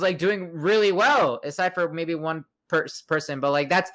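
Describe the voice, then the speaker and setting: Young male podcast host, slightly high voice; loose, profane, rambling chat full of fillers. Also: expressive, moderate pace, few pauses, fairly bright tone. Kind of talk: casual chat.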